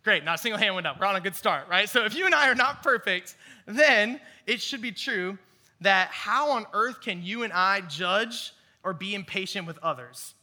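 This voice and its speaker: A young man teaching a youth group, telling a lively personal story within a sermon, animated and self-mocking. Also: high voice, normal speed.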